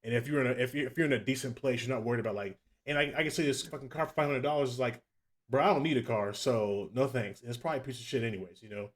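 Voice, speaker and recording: Give me a young man co-hosting a casual podcast, swearing a lot and talking fast. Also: medium pitch. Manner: profane, fast, animated storytelling. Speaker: podcast co-host. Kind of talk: casual chat.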